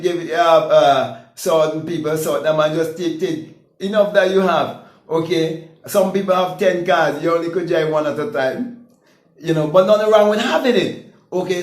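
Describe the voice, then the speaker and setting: High-voiced man preaching emphatically. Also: echoey room. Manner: emphatic, repetitive, keeps asking "okay?", laughs often. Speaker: vlogger. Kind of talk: preaching monologue.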